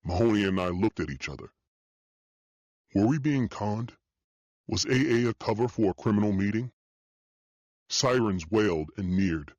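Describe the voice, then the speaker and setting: Low-voiced man reading a thriller. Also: lively intonation, normal speed, long pauses, darkish tone, no room sound. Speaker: audiobook narrator. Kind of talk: first-person thriller narration. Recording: dull dry studio audio.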